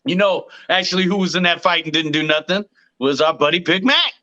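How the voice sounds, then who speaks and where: A man in his thirties hosting a podcast, chatting casually and telling profane, animated stories. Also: sits high, brisk, highs cut off. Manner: profane storyteller, animated retelling. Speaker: podcast host. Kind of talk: casual chat.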